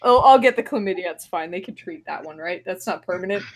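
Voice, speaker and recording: A woman's voice: on the low side, lively intonation, fast. A woman co-hosting a casual movie review podcast, laughing often and swearing freely as she retells a plot. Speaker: podcast co-host.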